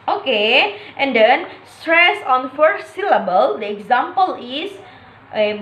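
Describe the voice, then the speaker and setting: A woman's voice: high-pitched, sing-song, slow, a bit bright, slight background noise. A young woman from Indonesia with an Indonesian accent, an English student explaining a lesson casually and hesitantly, with many fillers and self-corrections. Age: young adult. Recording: echoey room.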